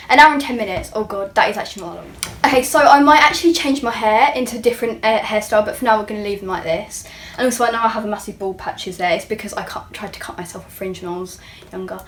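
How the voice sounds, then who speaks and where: A young woman vlogger talking through a makeup tutorial in a chatty, self-mocking way, sometimes dropping to a near-whisper. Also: fairly high pitch. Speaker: beauty vlogger. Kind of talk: casual makeup tutorial chat.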